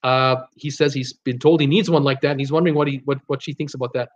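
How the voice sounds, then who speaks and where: A man's voice: mid-range voice, fairly even intonation, fast talker, muffled recording. A man hosting a casual livestream, chatting and reading out viewer comments while stumbling over names. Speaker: livestream host.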